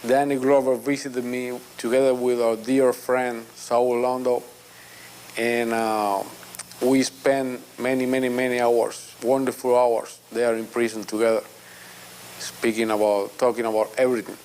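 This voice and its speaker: A former prisoner records a casual, affectionate video greeting to an old friend he knew inside, warm in manner and slipping into doting baby talk. His medium-pitched voice is flat and unhurried, with a little hiss or hum on the recording.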